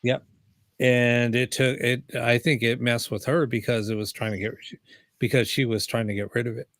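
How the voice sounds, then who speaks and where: A man's voice: medium pitch, level tone, normal speed, fairly bright tone, dry recording. A male host in casual chat, laid-back, laughing a little as he tells a story. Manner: laid-back, laughs while telling stories.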